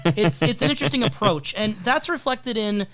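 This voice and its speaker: A man with a high voice co-hosts a casual podcast, thinking out loud and laying out his points analytically. Now and then he reads quoted passages aloud. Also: expressive, moderate pace. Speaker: podcast co-host.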